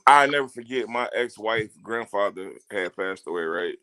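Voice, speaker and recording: A man's voice: on the low side, moderate pace. A man on a casual podcast who tells stories with lots of swearing and acts out the voices of the people in them. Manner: animated, profane storyteller who acts out quotes.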